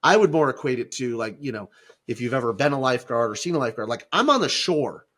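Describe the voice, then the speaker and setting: Man, middle-aged, podcast co-host, casual faith chat, animated, mid-pitched voice, restarts. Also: fast, slightly rough. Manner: animated, acts out quoted voices, many restarts.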